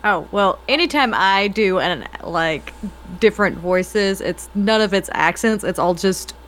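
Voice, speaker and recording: A speaker chatting casually in a slow, deliberate way. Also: mid-range voice, expressive, a bit bright, slight background noise, rough recording. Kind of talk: casual chat.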